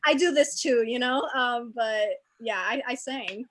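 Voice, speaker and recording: A woman's voice: on the high side, a little slow. A woman chatting casually on a video call, full of "like" and "um". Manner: chatty, lots of "like" and "um". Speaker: cast member at a reunion.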